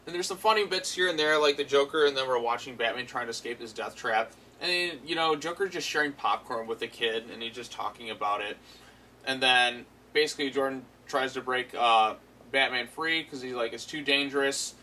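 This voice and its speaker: A man's voice: medium pitch, moderate pace, bright, forceful tone, a little hiss or hum, poor audio. A man giving a casual, rambling review of a cartoon episode, full of fillers and amused asides.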